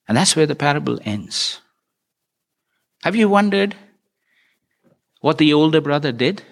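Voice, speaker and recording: A man's voice: medium pitch, sing-song, a little slow, long pauses, a bit bright. A man preaching a sermon, retelling a parable and putting earnest, searching questions to his listeners.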